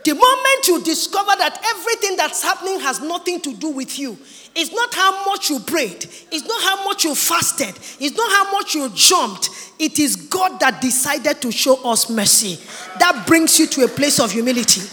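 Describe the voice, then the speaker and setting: A woman preaching with a high, bright, forceful voice. She is emphatic and animated, and she slips into mimicking others. Her words ring out with long reverb in a large hall. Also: normal speed. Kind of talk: sermon.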